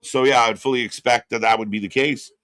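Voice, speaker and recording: A man co-hosting a live wrestling watch party, reacting and chatting casually, rambling with fillers and breaking into loud excited bursts. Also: medium pitch, quick pace, dry recording, studio quality.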